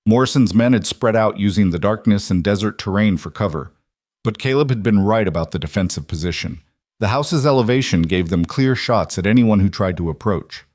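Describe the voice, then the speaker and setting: Man, scripted story narration, low voice, dry sound, even and steady. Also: a little fast, no echo.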